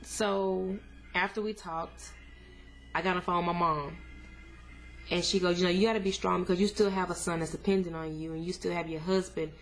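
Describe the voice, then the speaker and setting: A woman's voice: steady tone, brisk, faint music behind. Earnest young woman telling a painful story. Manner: candid and earnest, rising high when recalling anger; casual, addresses viewers as y'all. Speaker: vlogger sharing a family update. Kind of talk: emotional personal storytelling to camera.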